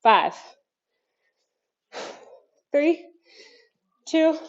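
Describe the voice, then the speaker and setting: Breathless upbeat workout coach with a lilt. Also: female voice, high voice, big pitch swings, very slow, lo-fi sound. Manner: upbeat coaching with counting cues and chatty asides. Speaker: fitness instructor. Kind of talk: workout class instruction. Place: home basement.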